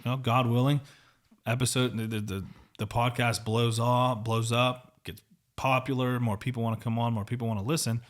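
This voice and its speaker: In a level, mid-range voice at normal speed, a man hosts a podcast in a relaxed interview conversation. He's candid and rambling, full of restarts and frequent uses of "like."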